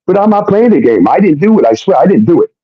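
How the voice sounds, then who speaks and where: A man's voice: high-pitched, big pitch swings, quick pace, breathy edge, dry recording, voice pushed up, full character voice. A defensive young woman protests her innocence in a raised, pleading voice, as a man mimics her while telling a story. The sound is dull and lo-fi, with a dry, close feel and no room around it.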